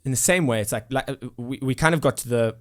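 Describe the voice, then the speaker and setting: Talking fast in a medium-pitched voice, a South African musician in his twenties answers questions in a casual interview. He's earnest and reflective, with plenty of fillers and false starts.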